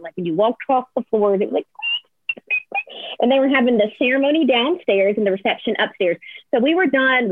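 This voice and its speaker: A woman, a floral designer telling a story as a guest, lively and acting out quotes with sudden high squeals. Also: no room sound. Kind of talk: animated storytelling. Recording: tinny phone-like line, dry.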